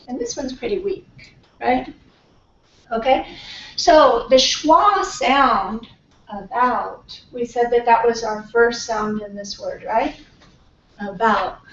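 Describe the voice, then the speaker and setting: A woman leads a pronunciation class with a slightly high voice, stretching out sample words and asking the room to confirm. She is heard from across an echoey classroom. The sound is a bit dull and carries a faint hiss. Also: far from the mic. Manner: checks in often with the class, models words slowly. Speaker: pronunciation workshop instructor. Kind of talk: classroom teaching. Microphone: distant room mic.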